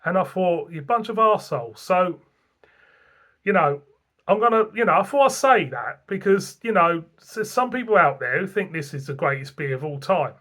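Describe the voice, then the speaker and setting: A man's voice: high voice, lively intonation, normal speed, fairly bright tone. A man with a Northern English accent reviewing beer in a blunt, rambling, sweary way. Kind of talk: casual beer review vlog.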